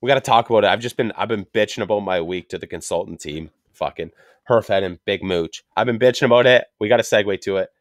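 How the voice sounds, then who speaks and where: A young man with a lowish voice hosts a laid-back cigar podcast, cracking crude jokes and rambling through stories. The sound is dry and close. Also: quick pace, dry recording. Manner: crude, joking, rambling storyteller. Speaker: podcast host. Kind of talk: casual cigar podcast chat.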